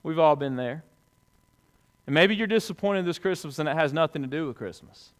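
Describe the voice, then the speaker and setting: Emphatic preaching man, smooth voice. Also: fairly quick. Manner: swings from loud emphatic peaks to hushed low lines; folksy illustrations, conversational preaching. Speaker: pastor. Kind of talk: sermon.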